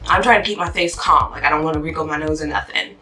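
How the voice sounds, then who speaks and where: A woman's voice: low-pitched, fast talker, sharp tone, recorded from a distance, faint music behind, poor audio. A woman giving a casual rant of a book review, emphatic and exasperated in a chatty way.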